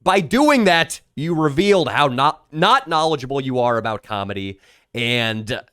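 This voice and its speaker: A man's voice: medium pitch, lively intonation, normal speed, sharp tone, clean tone, no room sound, clean studio sound. A man co-hosting a podcast, trading crude, sardonic, mock-grand riffs in casual banter. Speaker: podcast co-host.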